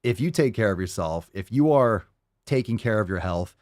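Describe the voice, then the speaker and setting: A man hosting a casual livestream podcast, loud and profane, hyping up listener posts and talking to his dog. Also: lowish voice, lively intonation, normal speed, no echo, clean studio sound. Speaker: podcast host.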